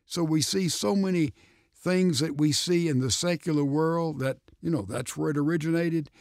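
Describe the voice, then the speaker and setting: A pastor answering a question in a radio studio, explaining in a measured way. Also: male voice, on the high side, creaky, a little mellow, dry recording.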